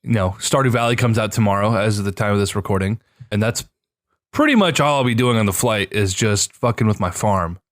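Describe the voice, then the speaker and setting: A young man co-hosting a podcast in casual chat, animated and quick to react, sometimes swearing. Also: fairly low pitch, no room sound, studio quality. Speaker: podcast co-host.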